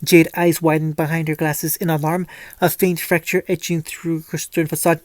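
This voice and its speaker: A mid-pitched storyteller reads a fan-fiction tale aloud in a dry, dead-sounding space. The reading is casual and often stumbles, doubling back on words before carrying on. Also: flat delivery, moderate pace, a little mellow, no room sound. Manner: frequent stumbles and restarts while reading. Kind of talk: storytelling reading with light character voices.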